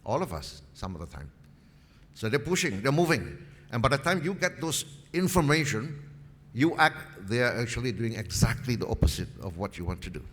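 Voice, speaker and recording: A man's voice: medium pitch, big pitch swings, moderate pace, a bit bright, husky. A man gives a seminar talk, stressing his points by repeating key phrases. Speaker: seminar speaker. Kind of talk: market presentation with anecdotes. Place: seminar hall. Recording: long reverb in a seminar hall.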